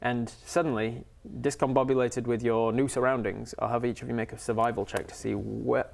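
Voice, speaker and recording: A man narrating a tabletop game as game master, relaxed and chuckling, with many fillers. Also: medium pitch, a little fast, creaky.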